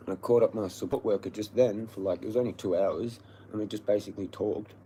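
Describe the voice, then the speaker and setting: Australian male streamer, lowish voice, hoarse, profane aggressive ranting. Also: steady tone, fast, warm tone, slight background noise. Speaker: livestreamer. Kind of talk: livestream rant.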